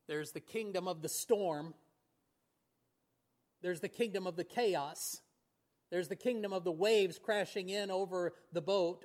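A man preaching a sermon in an earnest way, often slowing and dropping to a near whisper on key words. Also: high voice. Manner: earnest, with fillers and restarts, voice swings between hushed and raised. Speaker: pastor.

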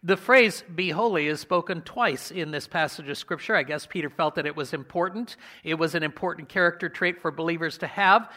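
A man preaching a sermon in a conversational way, asking his congregation questions and slowing down to stress key words. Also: on the high side, sharp tone. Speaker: pastor.

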